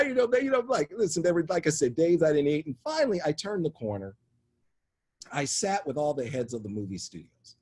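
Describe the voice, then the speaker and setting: Middle-aged male interview guest, husky and a touch high-pitched, animated storyteller who does the voices. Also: fairly quick. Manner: animated anecdotal storytelling, acts out voices in quotes. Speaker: interview guest, media executive. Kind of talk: storytelling in conversation.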